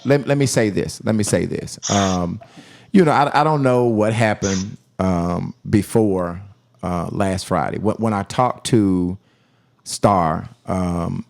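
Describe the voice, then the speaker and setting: A man hosting a podcast, trying to calm a heated argument, hesitant and repeating his words. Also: low-pitched, slow, vocal fry. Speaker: podcast host.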